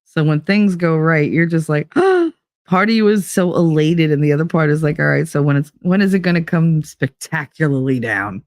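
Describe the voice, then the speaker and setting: Low-voiced woman telling a lively story. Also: moderate pace, no room sound, clean studio sound. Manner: animated, laughing, quoting others in raised voices. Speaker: podcast host. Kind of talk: casual storytelling chat.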